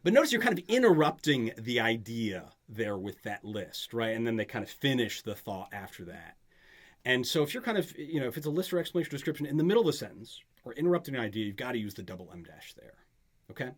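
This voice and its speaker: A man's voice: mid-range voice, sing-song, fast talker. A man tutoring a student in grammar in a casual back-and-forth, often checking that she follows. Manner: patient, checks for understanding often. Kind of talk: conversational tutoring session.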